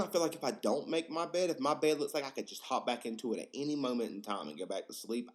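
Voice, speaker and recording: A man in his twenties hosting a podcast, rambling casually, swearing a lot and getting excited. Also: mid-range voice. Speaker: podcast host.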